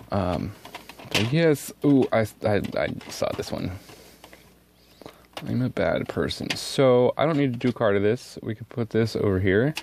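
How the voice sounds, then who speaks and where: An excitable man chatting at his desk as he swatches inks, swearing freely and swinging from loud exclamations to muttered asides. He talks slowly, and his pitch leaps around constantly. A faint hiss sits under his voice. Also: creaky. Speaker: ink swatch video host. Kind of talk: casual narration while swatching inks. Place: at a desk indoors.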